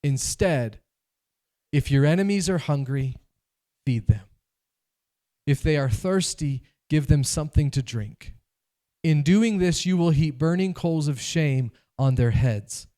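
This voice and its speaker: A male pastor preaching a sermon, animated and conversational, acting out quoted voices. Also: fairly high pitch, measured pace.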